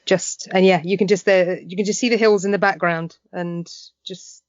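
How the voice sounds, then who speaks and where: Woman host, kinda low voice, lots of yeahs, dry dull sound. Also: steady tone, moderate pace, no room sound. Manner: supportive, frequent short agreements and laughs. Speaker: interview host. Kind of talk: casual interview conversation.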